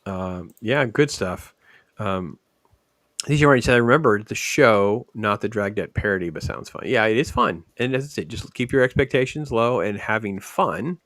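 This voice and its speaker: A man hosting a casual podcast film discussion, relaxed and rambling with fillers. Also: lowish voice, normal speed, no echo. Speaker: podcast host.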